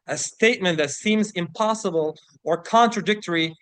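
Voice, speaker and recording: A man leads a vocabulary lesson in a slightly higher-than-average voice. He explains each word, reads example sentences and passages at a careful pace, and keeps asking "right?" to check on his listeners. The sound is dry and close. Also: expressive, fairly bright tone, no echo. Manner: slows to read example sentences and passages aloud. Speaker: vocabulary teacher. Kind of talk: online English vocabulary lesson.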